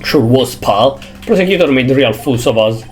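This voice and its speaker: A streamer reading a gruff friendly cop. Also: mid-range voice, expressive, moderate pace, darkish tone, soft background music, lightly acted. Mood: glum. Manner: reads game dialogue aloud, drops "pal". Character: gruff friendly male police detective. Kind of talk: reading game dialogue aloud.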